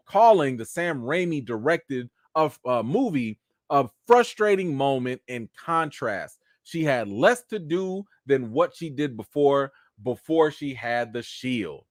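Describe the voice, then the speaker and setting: Male host, lively swooping delivery, dry close sound. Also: fairly high pitch, no room sound. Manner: animated, talks straight to viewers, acts out quotes. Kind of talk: live chat commentary.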